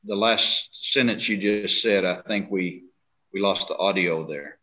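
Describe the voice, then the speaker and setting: A man chairing a public meeting, polite and courteous, a little halting. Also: deep voice, sharp tone. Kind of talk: formal meeting moderation. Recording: dull lo-fi meeting audio.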